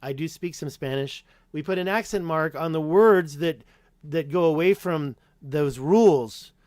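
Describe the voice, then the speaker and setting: A man's voice: on the high side, unhurried, darkish tone, dry recording, studio quality. A man hosting a casual live-stream Q&A, rambling and chatty, correcting himself and reading viewer names aloud. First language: English. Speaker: YouTube host answering live chat.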